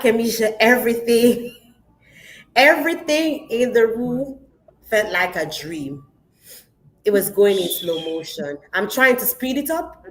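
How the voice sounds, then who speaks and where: A woman's voice: mid-range voice, fairly bright tone, rough recording. A woman pastor sharing a personal testimony in an interview, telling it vividly and with emotion and acting out the dialogue.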